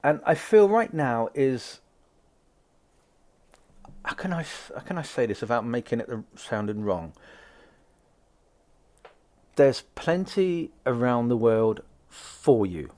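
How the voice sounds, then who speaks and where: A man's voice: mid-range voice, very animated, slow, pauses often, darkish tone. A man doing a live tarot card reading, chatting upbeat with viewers and acting out little conversations. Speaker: psychic card reader.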